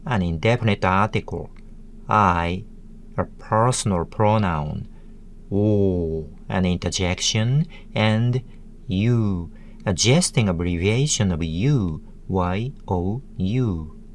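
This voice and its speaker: A man giving a scripted tutorial narration, deliberately sounding out words one syllable at a time. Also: deep voice, a little hiss or hum.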